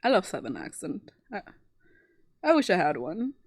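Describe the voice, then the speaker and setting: Chatty low-voiced woman streamer. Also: wildly swooping pitch, normal speed, dry recording, studio quality. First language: German. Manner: chatty, laughs often, swears casually. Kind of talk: casual chat while drawing.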